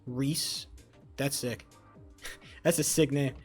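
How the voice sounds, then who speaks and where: With faint music behind him, a young man speaks slowly in a medium-pitched, breathy voice with fairly even intonation. Chatting with his live-stream viewers, he rambles, curses, and cracks jokes as he reads chat.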